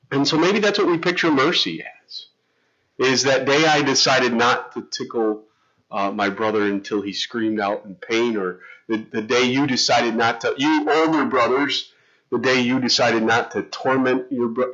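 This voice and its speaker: Conversational pastor, bright lo-fi sound. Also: male voice, medium pitch. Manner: conversational, storytelling with self-interruptions and restarts. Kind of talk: sermon. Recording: dull lo-fi sound.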